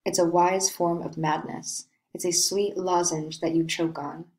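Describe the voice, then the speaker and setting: A woman reading the part of a brooding, lovesick young nobleman in a play, in a slow, dreamy way. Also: fairly low pitch, flat delivery, a little mellow, lightly acted, poor audio. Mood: melancholy.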